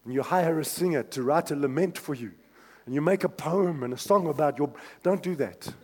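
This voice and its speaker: A male pastor preaching a sermon, swinging from hushed tones to shouts. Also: a little high, a little fast, big-room sound.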